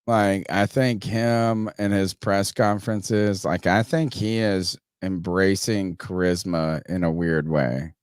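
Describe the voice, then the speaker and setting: A man hosting a sports podcast, riffing in a casual, profane and animated way. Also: sits low, slow pace, few pauses, smooth, no room sound, studio quality. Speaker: podcast host.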